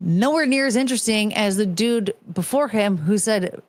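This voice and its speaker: Brief: thirties woman host, blunt, swears casually, animated delivery, dry voice. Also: medium pitch, normal speed, dry recording. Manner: blunt, profane, animated, mocking voices in quotes. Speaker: streamer host reading chat. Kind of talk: casual chat.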